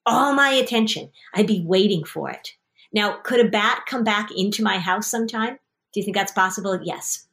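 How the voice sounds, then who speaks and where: A middle-aged woman speaks as a therapist and host, guiding a parent and child through their worries. Her voice sits at an ordinary pitch. She tells vivid stories and jumps into voices to act out scenes. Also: moderate pace, creaky. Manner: lively storyteller, acts out scenes with voices. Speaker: anxiety therapist and podcast host. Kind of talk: coaching a parent and child in session.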